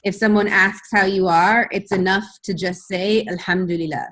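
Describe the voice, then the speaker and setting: A woman's voice: mid-range voice, level tone, moderate pace, fairly bright tone. A woman teaching a beginner language class online, patiently modelling phrases for students to repeat. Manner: patient, drills phrases for repetition.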